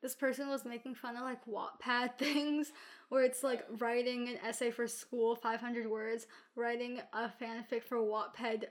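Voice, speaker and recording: A young woman chatting easily with friends about books. She talks in a high voice, loosely and full of fillers. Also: flat delivery, unhurried. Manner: easygoing, filler-heavy. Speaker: book discussion participant. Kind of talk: casual chat.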